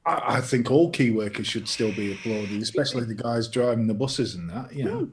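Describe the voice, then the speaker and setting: A man's voice: mid-range voice, a little hiss or hum. A man hosting a casual live chat who tells jokes and laughs a lot. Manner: laughing storyteller, slow delivery. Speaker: host.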